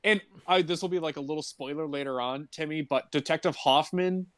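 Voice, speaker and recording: A man's voice: fairly high pitch, brisk, fairly bright tone, dry recording, clean studio sound. A man co-hosting a podcast in casual chat, rambling through long stories and laughing easily. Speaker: podcast co-host.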